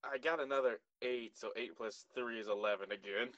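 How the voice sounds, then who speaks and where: A man's voice: mid-range voice, fairly quick, a bit bright, no echo, dull audio. A man casually playing a tabletop game, joking and laughing while he describes his actions. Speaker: player.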